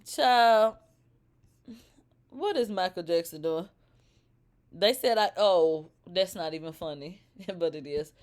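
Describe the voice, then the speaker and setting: Hosting a live stream about celebrity gossip, a thirtysomething woman reads comments aloud and reacts with foul-mouthed energy, her voice jumping from a lazy drawl to abrupt shrieks. Her delivery is slow, broken up by long pauses.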